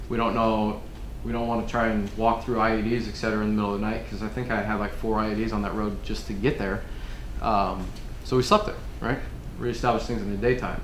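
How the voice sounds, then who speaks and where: A man in his thirties giving a casual briefing to an audience, telling stories in a laid-back, rambling way that turns loud and laughing in the funny parts. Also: fairly low pitch, reverberant, slight background noise. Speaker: military speaker giving a resiliency briefing. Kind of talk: casual storytelling talk to an audience. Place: room with an audience.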